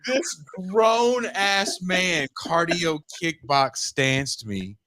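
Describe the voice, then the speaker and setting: A man's voice: sits high, very slow, dry recording, clean studio sound. A man co-hosting a podcast, telling a story in casual chat and acting out the people in it with raised voices. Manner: animated, acts out quotes in raised voices. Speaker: podcast co-host.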